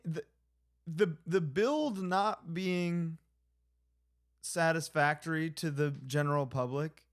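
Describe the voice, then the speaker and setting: A young man co-hosting a casual wrestling chat, rambling with frequent restarts. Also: fairly high pitch. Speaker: co-host.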